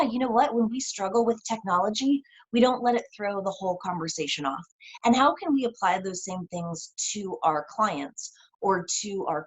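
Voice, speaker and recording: A woman's voice: mid-range voice, slightly rough, rough recording. A woman co-hosting a deathcare webinar over a video call, talking in an earnest, reflective way with many fillers. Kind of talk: casual panel chat on video call.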